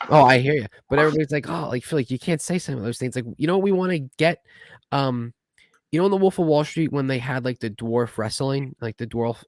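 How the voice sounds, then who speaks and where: A man's voice: mid-range voice, fast talker, darkish tone, no room sound. A young man hosting a casual podcast, talking eagerly and retelling his conversations at length. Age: young adult. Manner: eager, rambling, retells talks with "I go". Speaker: podcast host. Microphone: video call.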